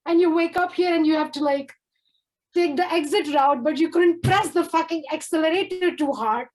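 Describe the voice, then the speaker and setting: High-voiced woman ranting stand-up comedy. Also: moderate pace, darkish tone, a little hiss or hum, rough recording. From India. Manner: brash, profane, rambling. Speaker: open mic comedian.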